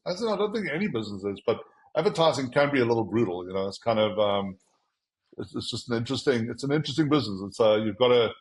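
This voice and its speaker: A man's voice: medium pitch, rough recording. A man, an agency founder, telling his career story in a casual interview, acting out quotes from other people. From South Africa. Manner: animated, quotes himself and others in dialogue.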